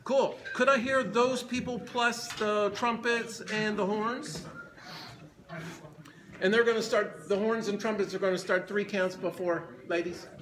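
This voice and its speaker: With band music filling the room and background noise present, a man gives rehearsal instructions, counting the band in and singing phrases as examples. His high voice stays unhurried and fairly even in intonation.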